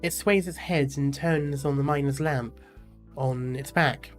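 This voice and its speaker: A gaming streamer narrating a game's story aloud. The voice sits at mid pitch and drops into casual, chatty asides. Faint music plays behind. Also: a little slow. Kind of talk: reading a game story with asides.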